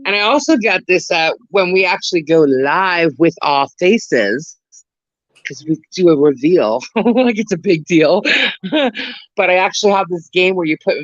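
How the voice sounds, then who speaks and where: A man's voice: on the high side, moderate pace, fairly bright tone, no room sound. A man with a New York accent co-hosting a casual live chat, talking in a rambling, chatty way with frequent laughs over a lo-fi online call. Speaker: co-host of a live chat stream. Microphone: video call mic. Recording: dull, lo-fi online call audio.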